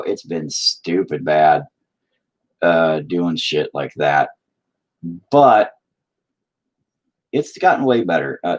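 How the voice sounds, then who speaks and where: A man telling a rambling, profane story in a casual chat with his viewers. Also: deep voice. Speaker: streamer.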